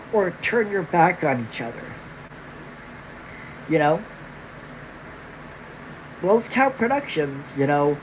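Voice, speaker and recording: Hosting a livestream, a woman angrily rants at her viewers, mocking them sarcastically and swearing constantly. Her voice is on the low side, and the dull lo-fi stream audio carries a little hiss or hum.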